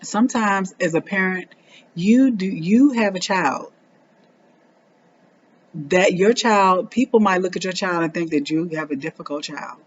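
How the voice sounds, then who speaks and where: A woman's voice: lowish voice, a little slow, muffled recording, slight background noise. A woman in her forties giving a heartfelt motivational talk to other parents, earnest and direct, repeating phrases for emphasis. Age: 40s. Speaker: parenting vlogger.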